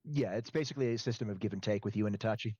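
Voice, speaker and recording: A man's voice: fairly low pitch, very fast, warm tone, husky, no echo. Man running a tabletop game, dull mic. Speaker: game master. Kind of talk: narrating a tabletop role-play on stream.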